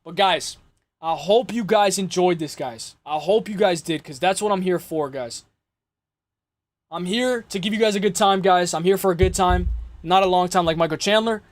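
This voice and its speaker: High-voiced man rambling on a livestream. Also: normal speed, dry recording. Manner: rambling, slangy, repeats "guys" often. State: voice worn out. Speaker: livestream host. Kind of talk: casual livestream chat.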